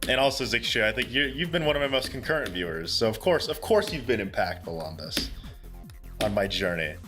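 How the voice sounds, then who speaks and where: A man's voice: on the low side, sing-song, a little fast, music in the background. A young man talking casually to viewers during a live stream, earnest and chatty, swearing freely and laughing often. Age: young adult.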